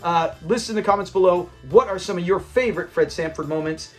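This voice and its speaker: A man with a high voice hosts his channel, talking briskly about a classic sitcom over soft background music. The chat is casual and eager, full of rambling, restarts and quoted lines.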